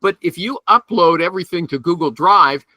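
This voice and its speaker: A man hosts a loose panel chat over a video call. His voice sits high and sounds sharp and forceful, with a dry, close sound. He needles his guests with teasing questions. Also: expressive, brisk, no room sound. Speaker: host.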